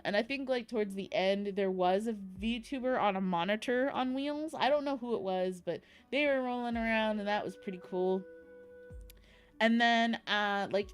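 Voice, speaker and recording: A young woman streamer chatting casually in a bubbly, rambling way, with giggles and cutesy baby talk. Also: medium pitch. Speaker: streamer recapping an event. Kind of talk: casual chat.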